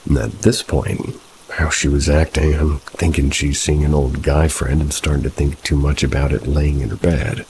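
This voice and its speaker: Very deep, gravelly male narrator. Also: flat delivery, moderate pace, darkish tone, slight background noise, rough recording. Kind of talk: horror story narration.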